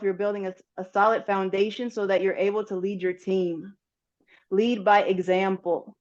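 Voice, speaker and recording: A young woman gives a heartfelt, faith-filled motivational talk over a video call. Her voice sits mid-range, and the audio is slightly muffled. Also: mid-range voice. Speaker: guest speaker on a team call.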